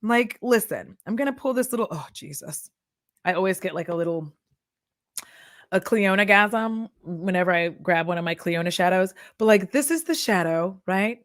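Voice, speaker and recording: A woman's voice: mid-range voice, expressive, moderate pace, no echo, clean studio sound. A woman in her thirties doing a casual chat vlog while putting on makeup, talking bluntly, swearing freely and laughing often. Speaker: beauty content creator turned chat vlogger.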